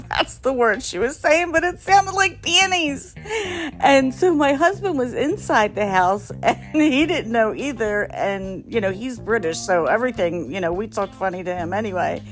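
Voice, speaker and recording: A middle-aged woman from the Philadelphia area telling a family story casually, rambling with fillers and laughing often. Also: medium pitch. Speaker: storyteller, podcast host.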